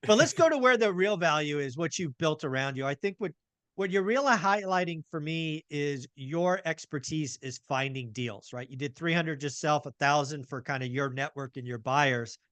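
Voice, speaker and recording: A man hosting a casual podcast interview, telling stories with lively, acted-out reactions. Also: a little high, moderate pace, dry recording. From California. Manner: animated storyteller, acts out his own reactions. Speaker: podcast host.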